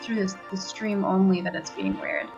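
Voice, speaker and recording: Friendly gal dev on a stream, laughs a lot, gravelly fry. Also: female voice, mid-range voice, wildly swooping pitch, normal speed, muffled recording, music in the background. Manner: friendly, laughs easily, helpful. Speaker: game developer guest. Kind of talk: casual interview chat.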